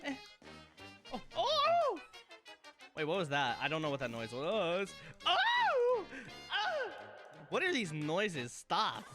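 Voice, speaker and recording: Young male streamer, very swingy pitch, swears and shrieks, laughs a lot. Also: sing-song, moderate pace, few pauses, over loud music. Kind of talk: gaming stream chat.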